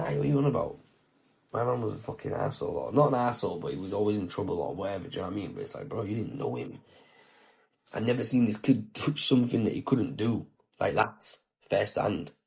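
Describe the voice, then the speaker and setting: A man's voice: lowish voice, expressive, fast, creaky, mellow. A man, a podcast host telling a story casually, with heavy swearing and slang and heartfelt talk.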